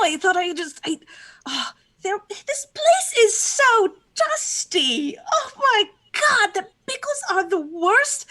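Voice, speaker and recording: A woman's voice: extremely high pitch, bright, forceful tone, pitched above the performer's own voice, full character voice. A woman voicing a tall female orc mortician who has just become a ghost, ranting in exasperation and tripping over her own words. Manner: rambling, exasperated ranting with stammered restarts.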